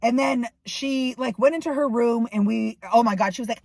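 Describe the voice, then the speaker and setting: A woman's voice: a little high, fairly even intonation, a little fast, vocal fry, few pauses, dry recording. A woman venting to camera, ranting in heated, profane bursts about a falling-out. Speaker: vlogger. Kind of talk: angry personal venting to camera.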